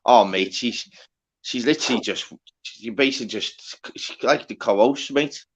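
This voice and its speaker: A man's voice: mid-range voice, moderate pace. A man hosting a live stream, rambling and repeating himself in casual chat.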